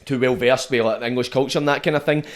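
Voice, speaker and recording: Fast, sweary Scottish man. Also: medium pitch, fairly even intonation. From Scotland. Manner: sweary, laughing, fast-talking. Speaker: podcast host. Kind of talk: casual chat.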